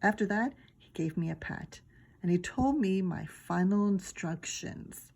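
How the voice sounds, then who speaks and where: A woman teacher reading a children's chapter book aloud, lively and giggly as she tells the story. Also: medium pitch, measured pace, vocal fry.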